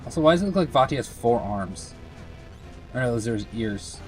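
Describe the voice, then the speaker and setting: Young male let's-player, loose rambling chat, self-deprecating, mid-pitched voice. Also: expressive, fairly quick, darkish tone, faint music behind. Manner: rambling, filler-heavy, self-mocking. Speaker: let's play commentator. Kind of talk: casual gameplay commentary.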